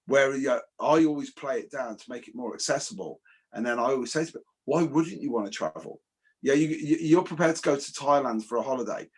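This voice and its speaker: A man's voice: mid-range voice, husky. A man from England, a martial arts instructor telling stories in casual chat on a video call. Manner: animated storyteller, swears casually.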